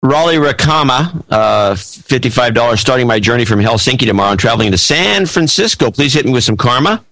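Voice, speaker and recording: A man's voice: medium pitch, lively intonation, a little fast, few pauses, fairly bright tone, no echo, poor audio. A man co-hosting a podcast in casual chat, reading listener donations aloud in a matter-of-fact way. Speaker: podcast co-host.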